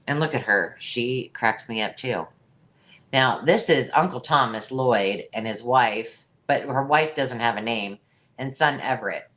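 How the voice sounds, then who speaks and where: A woman's voice: a bass voice, a little slow, fairly bright tone. A woman hosting a live online sale, chatty and jokey, laughing at her own remarks. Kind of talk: live-stream sales chat.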